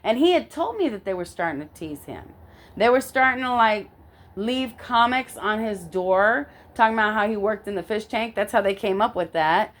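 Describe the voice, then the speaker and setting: A woman's voice: mid-range voice, expressive, moderate pace. This woman speaks with force and indignation as she tells a story from her own life in casual talk. She swears now and then and keeps checking that the listener follows her. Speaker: vlogger telling a personal story.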